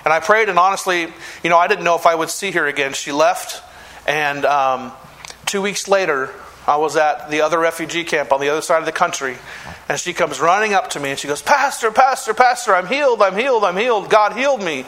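A male pastor preaching a sermon, telling a testimony earnestly and slowing down to stress key phrases. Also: on the high side, sharp tone, poor audio. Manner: earnest storytelling, preaching with slowed emphatic phrases.

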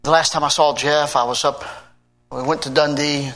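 A man's voice: flat delivery, normal speed, fairly bright tone, soft background music. A man, a pastor giving a sermon testimony, earnestly telling stories and acting out quoted conversations. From United States. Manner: earnest storytelling, acting out quoted talk with big pitch swings.

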